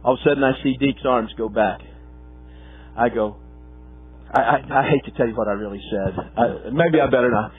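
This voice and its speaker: A man preaching a sermon, telling a folksy coaching story with lively, acted-out quotes. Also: medium pitch, normal speed, long pauses, slightly rough, phone-quality sound, soft background music. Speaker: pastor and former football coach.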